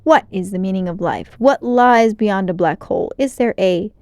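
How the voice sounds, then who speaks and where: A woman's voice: mid-range voice, normal speed, darkish tone, no echo, clean studio sound, lightly acted. Woman voicing a lofty, weary talking manual. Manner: grand and weary. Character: lofty, easily unimpressed talking book.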